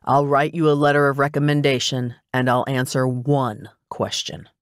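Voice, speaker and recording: A man's voice: mid-range voice, little pitch movement, moderate pace, no echo, close to an everyday voice. A man voicing a wry, dry private investigator. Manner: matter-of-fact, teasing. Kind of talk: audiobook dialogue.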